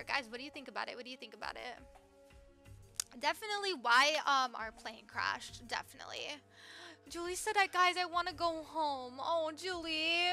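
A woman's voice: sits high, bright, forceful tone. A young woman live streaming a video game, chatting bubbly with her viewers and greeting them while she plays. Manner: bubbly, chatty, reads viewer comments aloud. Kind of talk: live gameplay stream chat.

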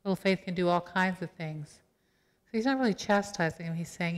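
A middle-aged woman pastor giving a sermon in a conversational, animated storytelling way, acting out quoted voices. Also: fairly low pitch, a little fast. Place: church sanctuary. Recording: long church reverb.

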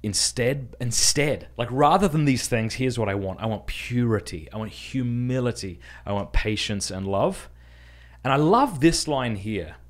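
A man's voice: medium pitch, lively intonation, measured pace. Earnest man casually teaching a prayer. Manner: earnest and conversational, easily amused. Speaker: podcast host teaching a prayer. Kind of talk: casual spoken instruction.

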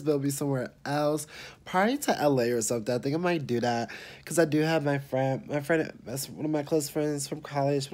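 A young man chats to his vlog viewers in a loose, rambling way, stringing thoughts together with fillers. His voice sits at an ordinary pitch for a man, with a faint hum of background noise behind him. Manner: rambling, heavy on fillers like "and stuff". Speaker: vlogger. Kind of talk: casual vlog to camera.

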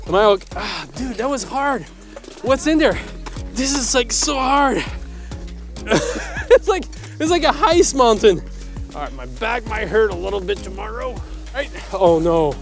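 A man filming a family vlog outdoors in the snow on a handheld camera, talking in a playful, teasing way and laughing often. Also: sits high. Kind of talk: casual vlog chat. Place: outdoors at a forest ice rink in snow.

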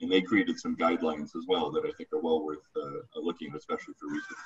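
A man's voice: a bass voice, flat delivery, slight background noise. A man speaking as a guest expert on a webinar panel over a video call, full of fillers and restarts, on distant, dull audio. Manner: rapid, filler-heavy.

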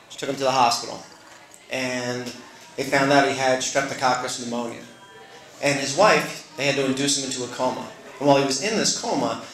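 A man's voice: mid-range voice, fairly bright tone, reverberant, poor audio. A middle-aged man telling a personal story on stage at a story slam, earnest and conversational with self-deprecating asides. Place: stage in a live venue.

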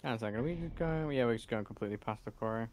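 A man's voice: mid-range voice, rapid-fire, a little mellow, slight background noise. A man commentating casually over his game, thinking aloud, rambling, and swearing freely. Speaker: gamer.

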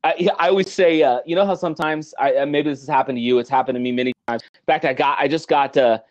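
A middle-aged man, a guest on an interview show, talking in an animated, motivational way and acting out little everyday scenes. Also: on the high side, fast talker, lo-fi sound.

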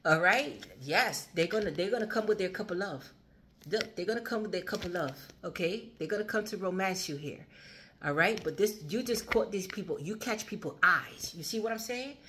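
A woman's voice: mid-range voice, animated, normal speed, a bit bright, slight background noise. A woman giving a casual tarot reading, chatty and repetitive, swearing freely. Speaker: tarot reader.

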